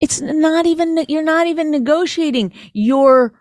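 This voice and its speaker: A middle-aged woman co-hosting a podcast, telling a story in an exasperated, animated way and acting out the people in it. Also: high-pitched, unhurried, no echo, clean studio sound. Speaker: podcast co-host. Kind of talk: casual chat.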